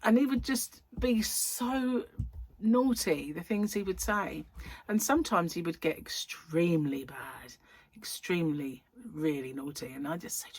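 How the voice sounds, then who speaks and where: A woman who hosts a crochet channel chats through a rambling, giggly anecdote, casual and self-interrupting as she tells it. Her lowish voice is expressive, unhurried, and darkish in tone with a breathy edge. There's no echo.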